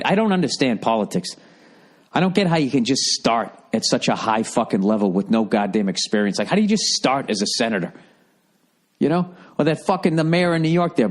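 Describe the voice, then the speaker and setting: Profane ranting middle-aged man. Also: mid-range voice. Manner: profane, sarcastic, mocks people in put-on voices. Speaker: comedian podcast host. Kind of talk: rambling comedic rant.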